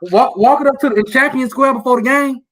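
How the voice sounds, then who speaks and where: A man's voice: extremely high pitch, a little fast, a bit bright. A man on a casual sports podcast, telling stories in a playful, teasing way and laughing often. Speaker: podcast co-host.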